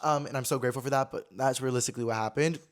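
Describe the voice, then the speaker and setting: A young man in his twenties hosting a podcast, telling a personal story in a chatty, animated way full of fillers and quoted voices. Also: mid-range voice, rapid-fire, smooth. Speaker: podcast host. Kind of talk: casual storytelling chat.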